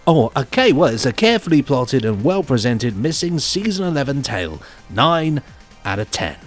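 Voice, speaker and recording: A man's voice: mid-range voice, very animated, moderate pace. A man co-hosts a chatty podcast, reading reviews aloud in a mid-range voice. He laughs easily and stumbles over words now and then, with faint music in the background. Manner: giggly, stumbles and restarts while reading aloud. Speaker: podcast co-host. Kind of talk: casual chat reading out reviews.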